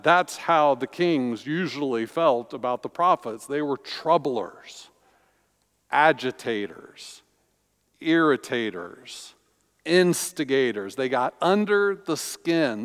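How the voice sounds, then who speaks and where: Slow-preaching pastor in a reverberant hall. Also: male voice, on the high side. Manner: slow, deliberate preaching with emphatic pauses. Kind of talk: sermon. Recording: long reverb of a large hall.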